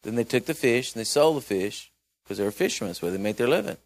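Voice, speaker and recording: A man preaching a chatty Bible-study sermon, swinging between loud and hushed. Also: mid-range voice, animated, fast, creaky, dry recording.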